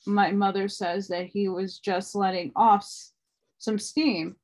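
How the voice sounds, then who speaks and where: A woman reading as a solemn, gruff young boy. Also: mid-range voice, fairly even intonation, slow, a little mellow. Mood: earnest. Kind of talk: audiobook reading.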